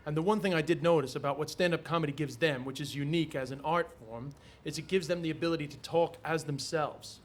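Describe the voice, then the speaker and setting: A man with an Irish accent speaks on a discussion panel, his voice a touch high. He talks rapidly and keeps building his point. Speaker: comedian panelist. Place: festival venue before an audience.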